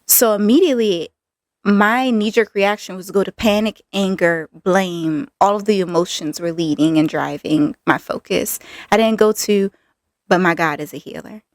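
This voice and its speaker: A woman hosting her own podcast, telling a personal story candidly with many fillers and lively acted-out quotes. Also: mid-range voice, moderate pace, no room sound, clean studio sound. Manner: candid, filler-heavy, animated retelling. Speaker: podcast host.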